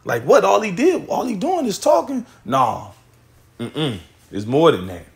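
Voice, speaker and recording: A man's voice: fairly high pitch, wildly swooping pitch, measured pace, creaky. A man teaching scripture in a loose, casual way, swearing and laughing often as he reads verses aloud.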